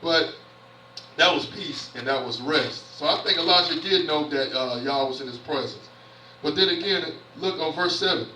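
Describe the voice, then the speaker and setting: Forceful preacher heard far off in a roomy church. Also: male voice, on the high side, moderate pace, a little hiss or hum. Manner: reads scripture aloud then paraphrases it conversationally. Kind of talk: sermon. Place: church sanctuary. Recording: roomy church audio picked up from afar.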